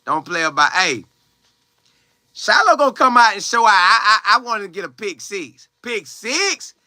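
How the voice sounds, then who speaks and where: A young college football player reads viewer comments on a livestream and chats back loosely, with slang and frequent exclamations. He has a high, sing-song voice, pushed and bright, and talks a little slowly. The recording is dry.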